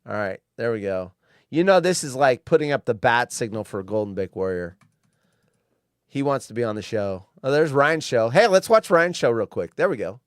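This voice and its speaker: A man's voice: mid-range voice, expressive, moderate pace, smooth, no room sound, studio quality. A man hosting a live-stream show alone, reacting with sarcastic, rambling commentary and muttered asides. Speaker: show host.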